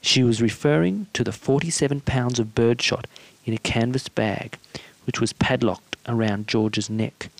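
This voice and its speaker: Male reader, measured storytelling, close dry mic. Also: medium pitch, vocal fry, no echo. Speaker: narrator. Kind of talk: story reading.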